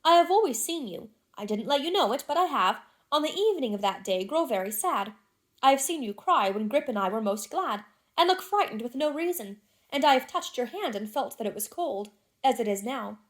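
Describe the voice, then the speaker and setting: A woman's voice: sits high, sing-song, fairly quick. A woman voicing a simple-hearted young man who speaks earnestly and childlike to his mother.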